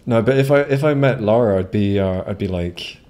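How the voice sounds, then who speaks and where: A man on a live game stream with a fairly low voice. He rambles casually and swears freely, chatting with his viewers between moves. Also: fairly quick, mellow. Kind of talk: casual live gameplay commentary.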